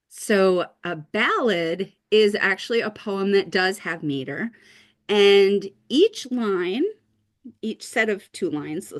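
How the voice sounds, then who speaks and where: Woman teacher, animated and encouraging, patient step-by-step explainer over a video call. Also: mid-range voice. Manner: upbeat, reassuring, explains step by step. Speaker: writing teacher. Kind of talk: casual online lesson.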